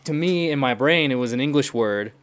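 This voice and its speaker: A young man from the United States tells stories in a relaxed chat. He laughs often as he talks, his voice sitting at an ordinary middle pitch. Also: brisk, clear, resonant tone. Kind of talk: casual chat.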